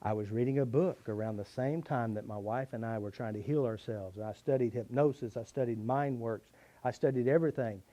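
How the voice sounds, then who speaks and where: A man's voice: mid-range voice, brisk, warm tone, dull audio. Earnest man telling a personal story. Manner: earnest, confessional, with shifting emphasis. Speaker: tapping therapy teacher.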